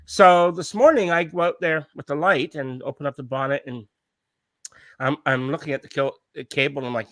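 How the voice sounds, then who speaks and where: A man with an Australian accent, co-hosting a live stream, telling a story in a swearing, animated, casual way. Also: on the high side, fairly quick, no room sound. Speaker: podcast co-host. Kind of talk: casual chat.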